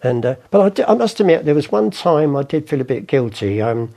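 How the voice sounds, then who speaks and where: This older former art forger has a fairly high, sing-song voice, gravelly yet warm, and he speaks fairly quickly. Interviewed about his past, he rambles from story to story, putting on the voices of the characters he describes.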